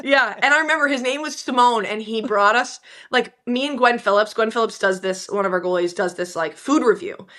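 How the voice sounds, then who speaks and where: A young woman in her twenties, a hockey player guesting on a podcast, with a bright voice pitched a touch high. She tells her stories with plenty of energy, laughs often and acts out the lines of the people in them. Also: brisk, few pauses. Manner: animated storyteller, laughs often, acts out quotes. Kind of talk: casual interview chat.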